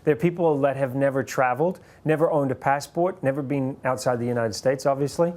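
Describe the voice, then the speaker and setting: A man's voice: mid-range voice, fairly quick, a little mellow. A man in his forties from New Zealand, with a partly Americanized New Zealand accent, telling anecdotes about his career as a TV host in an interview. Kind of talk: reflective interview storytelling.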